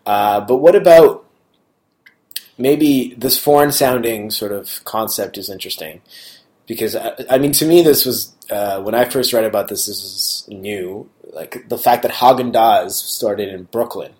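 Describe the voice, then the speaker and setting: A man's voice: on the low side, a little slow, a little mellow. A man in casual conversation, asking questions with many fillers and restarts.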